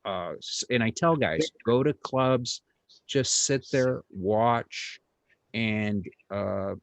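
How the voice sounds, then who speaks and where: A man's voice: lowish voice, takes it slowly, no echo. A middle-aged man, a comedian hosting an interview, telling a story in a casual, rambling way with lots of fillers, restarts and blunt, crude words.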